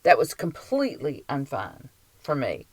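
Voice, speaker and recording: A woman's voice: a bass voice, huge pitch swings, unhurried, a little mellow, breathy edge, no echo, low-quality recording. A woman co-hosting a podcast in casual chat, blunt and dry-witted with her opinions. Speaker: podcast co-host.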